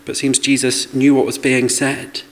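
A man's voice: mid-range voice, monotone, normal speed, rough recording. A man preaching a sermon in a conversational way, with rhetorical questions and asides to the congregation.

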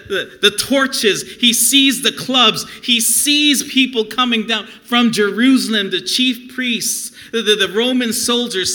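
A man's voice: sits high, bright, forceful tone. A middle-aged man preaching a sermon, earnest and conversational, asking the congregation questions. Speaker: pastor.

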